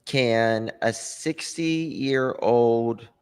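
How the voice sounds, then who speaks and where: A man hosting a casual true crime livestream, thinking aloud and answering viewer comments with hesitant ums and pauses. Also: medium pitch, darkish tone, clear, resonant tone. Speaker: true crime channel host. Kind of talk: casual livestream chat about a case.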